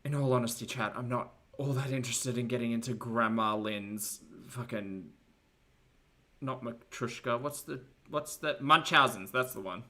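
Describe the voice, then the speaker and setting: Male streamer, sarcastic and sweary, very bright tone. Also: medium pitch, normal speed. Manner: sarcastic, profane asides. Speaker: streamer reacting to a video. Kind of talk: live reaction commentary.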